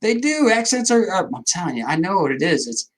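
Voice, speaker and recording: A man's voice: high voice, sing-song, brisk, rough recording. Rambling man chatting with viewers. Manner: rambling, joking, talks to viewers' comments. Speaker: livestream host. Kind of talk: casual livestream chat.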